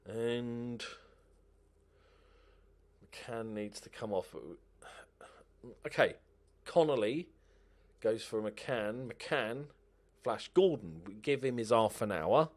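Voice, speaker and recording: A man giving casual, excitable commentary over a game, talking to himself and swearing. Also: mid-range voice, drawn-out words, long pauses.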